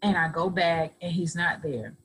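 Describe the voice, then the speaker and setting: A woman's voice: lowish voice, normal speed, fairly bright tone, poor audio. A woman guest on a podcast, telling her own story earnestly and acting out other people's words in dialogue. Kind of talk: personal storytelling.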